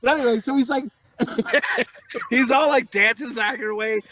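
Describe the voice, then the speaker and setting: Amid crowd noise, a man with a very high voice co-hosts a comedy podcast at normal speed. He rambles through crude, profane stories in casual chat and laughs often.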